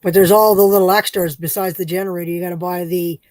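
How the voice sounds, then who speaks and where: A woman's voice: fairly low pitch, steady tone, fast, a little mellow, no echo. A woman, rambling and teasing in casual chat while she crafts on a livestream. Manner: rambling, chatty, playfully teasing.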